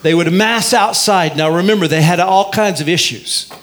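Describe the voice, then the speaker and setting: A male pastor with a notably high voice delivers a lively sermon. He stretches out key phrases and has the congregation repeat lines after him. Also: normal speed.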